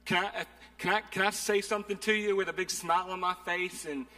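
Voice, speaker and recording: A man's voice: high voice, steady tone, fairly quick, bright, forceful tone. A man preaching a sermon, earnest and conversational, often repeating phrases. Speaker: pastor. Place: church sanctuary. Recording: long hall reverb.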